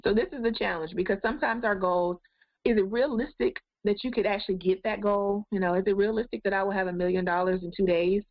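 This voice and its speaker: A woman's voice: medium pitch, fairly even intonation, fast, no echo, muffled recording. A woman life coach giving an encouraging goal-setting webinar, talking straight to her viewers. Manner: encouraging, addresses viewers directly.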